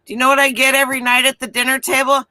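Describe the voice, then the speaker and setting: A woman's voice: sits high, level tone, rapid-fire, bright, forceful tone, no echo. A woman in her fifties chatting casually on a live stream, teasing the others as she talks. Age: 50s. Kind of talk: casual chat.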